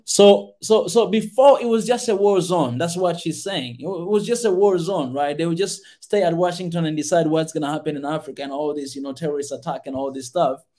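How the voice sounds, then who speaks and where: A man's voice: a little high, fairly quick, hardly any pauses, warm tone, faint music behind. A male podcast host giving passionate commentary on a video, emphatic and repeating his key words again and again.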